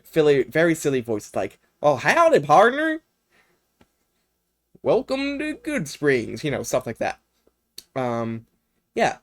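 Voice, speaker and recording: Young male streamer, mid-pitched voice, casual unscripted game rundown, rambly with lots of filler. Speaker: streamer presenting a video game. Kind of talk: casual livestream presentation.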